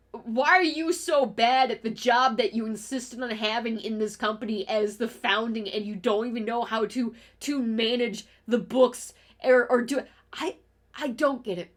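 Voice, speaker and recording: A woman streamer in a casual, profane rant, heated and exasperated, firing off complaints with restarts. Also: a little high. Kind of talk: casual ranting commentary.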